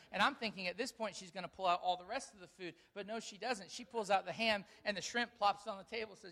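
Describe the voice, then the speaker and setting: High-voiced man preaching a sermon. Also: fast talker, hardly any pauses. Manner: storytelling, animated, quoting others in dialogue. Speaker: pastor. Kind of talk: sermon with personal story.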